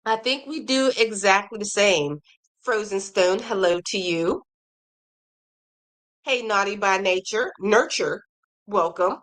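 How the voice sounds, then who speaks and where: Female crochet streamer, mid-pitched, chatty, reacts warmly to comments, casual live talk. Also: takes it slowly, long pauses. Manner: chatty, reads viewer comments aloud, animated reactions. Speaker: crochet livestream host. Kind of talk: casual livestream chat reading comments.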